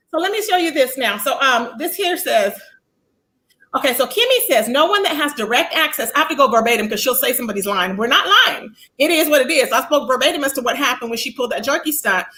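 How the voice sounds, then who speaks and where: A woman's voice: high voice, sharp tone, a little hiss or hum. A woman hosting a casual livestream, chatting animatedly about online drama and greeting viewers by name as baby and child. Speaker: livestream commentary host.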